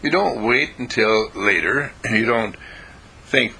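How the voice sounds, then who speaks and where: Man, gravelly bright voice, lively pitch, storytelling talk, chuckles and clears throat. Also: takes it slowly, rough recording. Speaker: university dean giving a daily thought. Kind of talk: spoken inspirational talk.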